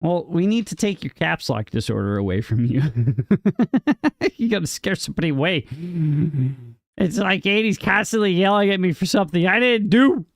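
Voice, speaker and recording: A young livestreamer with a high-pitched, gravelly, expressive voice talks at normal speed in a clean, echo-free studio recording. While playing a game he reads and answers chat, teasing viewers in a playful, mock-indignant way, his voice jumping up on questions.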